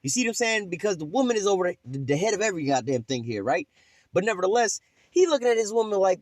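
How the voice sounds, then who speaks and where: Cast a quick, high-voiced man who rants, cusses and preaches over a clip, dry close sound. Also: big pitch swings, darkish tone, no room sound. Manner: preachy, swears constantly, keeps asking "all right?". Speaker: video commentator. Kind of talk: profane reaction commentary.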